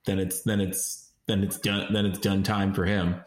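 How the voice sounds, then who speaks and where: A young man hosting a comedy podcast, animated and jokey, often laughing. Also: low voice, moderate pace. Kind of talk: casual comedic chat. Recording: echoey room.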